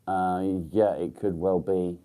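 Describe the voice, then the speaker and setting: This English livestream host sounds groggy from just waking up as he rambles through a casual morning stream, dropping fillers and an occasional swear. The voice is low-pitched, warm and clean, delivered slowly with a steady tone.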